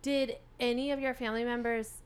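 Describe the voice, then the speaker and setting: A woman's voice: fairly high pitch, level tone, fairly quick, smooth. A woman co-hosting a podcast, reacting with short asides and steering the chat. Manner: brief reactions, bright and teasing. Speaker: podcast co-host. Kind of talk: casual chat.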